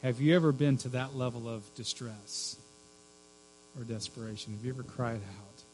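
A man preaching a sermon as pastor, dropping to a hush and then rising to loud cries for emphasis. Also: medium pitch, steady tone, moderate pace, slight background noise, rough recording. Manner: swings from hushed to shrieking for emphasis.

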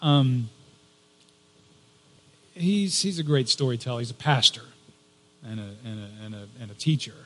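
A man, a pastor, telling a story in a conversational sermon, often halting with fillers and restarts. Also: medium pitch. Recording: long reverb of a large hall.

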